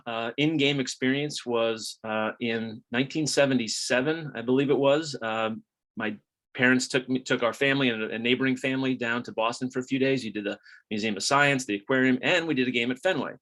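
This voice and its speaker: A man's voice: mid-range voice, brisk, a bit bright. A middle-aged man telling baseball memories in a chatty, casual way on a video call, with frequent restarts. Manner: conversational, chatty, many restarts. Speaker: author giving a talk. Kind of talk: casual storytelling talk. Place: home, indoors.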